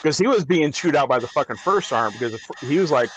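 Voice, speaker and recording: Fast-talking, profane army veteran man. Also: on the high side, animated, dull audio, slight background noise. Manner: profane, blunt storytelling. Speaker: army veteran and former drill sergeant. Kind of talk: casual podcast chat.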